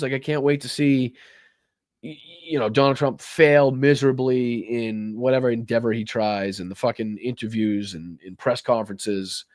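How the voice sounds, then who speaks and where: A man's voice: mid-range voice, moderate pace, darkish tone, dry recording. Rambling, profane male livestream host. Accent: American. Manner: rambling, profane, with many fillers and restarts. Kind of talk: casual livestream chat reading viewer donations.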